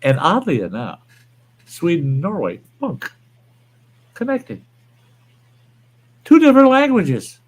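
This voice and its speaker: Taking it slowly with long pauses, a man speaks in a fairly high voice full of huge pitch swings. He's hosting a livestream, chatting casually, rambling and reading viewer comments aloud.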